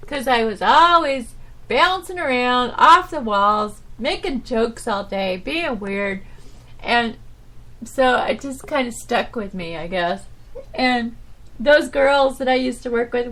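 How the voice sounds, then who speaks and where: Woman, podcast host, somewhat high voice, rambling, animated, casual storytelling. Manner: rambling, with many restarts and "you know"s; animated, swinging from loud to soft.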